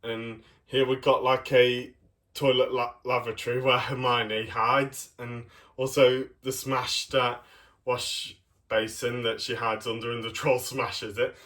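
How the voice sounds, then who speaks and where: A man's voice: medium pitch, level tone, a little slow, bright, forceful tone. A young man giving a casual review of a toy set, rambling and hesitant with many ums.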